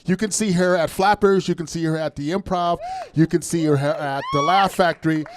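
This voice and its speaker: A man hosting a comedy show, loudly hyping up the next act from the stage. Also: a little high, a little fast. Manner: loud, hyped-up. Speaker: show host and emcee. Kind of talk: introducing the next comic.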